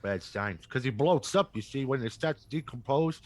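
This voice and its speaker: A man voicing a dim-witted male blood hunter, a cowboy with a slow, joking drawl. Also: mid-range voice, animated, darkish tone, no echo, voice pushed up, close to an everyday voice. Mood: matter-of-fact.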